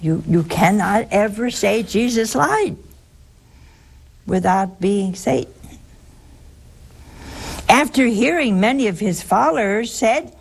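An older woman hosting a religious call-in show, teaching slowly and emphatically with sudden high rises. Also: vocal fry. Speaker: religious radio host answering callers.

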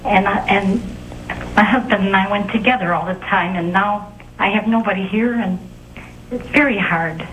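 A woman's voice: mid-range voice, normal speed, a bit bright, a little hiss or hum, low-quality recording. A woman calling in by telephone, stammering and repeating words as she speaks. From Clearwater, Florida resident. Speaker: caller.

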